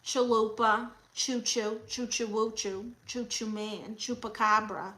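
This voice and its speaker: A woman hosting a comedy livestream as an advice-giving aunt, chatting casually with a sassy, teasing manner and reading comments out loud. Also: on the high side, level tone, takes it slowly, poor audio. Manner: coos baby talk at her dog.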